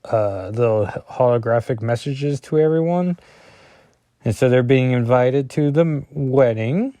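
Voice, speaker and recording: A man's voice: medium pitch, dark tone, no room sound, clean studio sound. A man casually reading through a comic issue as a reviewer, rambling with chatty asides and self-deprecating remarks.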